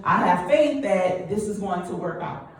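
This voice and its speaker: A middle-aged woman giving a lively motivational talk at a church event, often asking the audience questions. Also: lowish voice, unhurried. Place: church hall. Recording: roomy echo, distant mic, faint hum.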